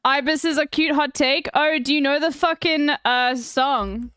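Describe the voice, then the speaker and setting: A woman's voice: sits high, steady tone, measured pace, few pauses, fairly bright tone, no room sound, clean studio sound. A woman streamer in casual chat, blunt, teasing and full of swearing.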